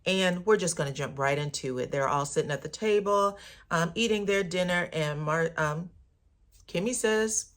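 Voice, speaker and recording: A woman with a low, deep-set voice talks through a reality TV episode in a loose, gossipy way. She is sassy and chatty and keeps calling her viewers honey and baby. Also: moderate pace. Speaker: reality TV recap vlogger. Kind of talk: casual gossipy recap.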